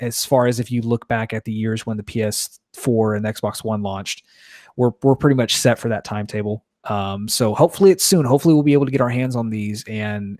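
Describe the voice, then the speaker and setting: A man's voice: on the low side, darkish tone, dry recording, clean studio sound. Chatty man co-hosting a gaming podcast. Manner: chatty, laughs easily, filler-heavy. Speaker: podcast co-host. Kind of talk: casual gaming podcast chat.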